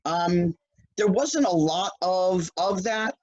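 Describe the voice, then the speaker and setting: Here a middle-aged man from New Jersey, formerly a child actor, slowly tells a story in casual conversation, lively as he acts out the quoted lines. His voice is high-pitched, and the recording has the highs cut off.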